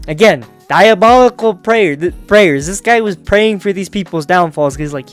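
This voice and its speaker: A man's voice: high voice, expressive, moderate pace, hardly any pauses, smooth, faint music behind. A man hosting a casual manga recap who talks loosely, laughs often, swears and uses many fillers. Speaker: manga review host.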